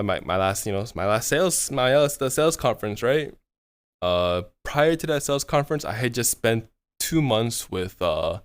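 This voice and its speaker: A man's voice: fairly low pitch, clear, resonant tone, no room sound. A man in his thirties streaming, telling a rambling story with lots of swearing and "right?" fillers. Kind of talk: casual storytelling chat.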